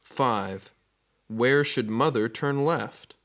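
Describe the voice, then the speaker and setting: Guy reading out numbered test questions, slow and even. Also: medium pitch. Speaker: exam question reader.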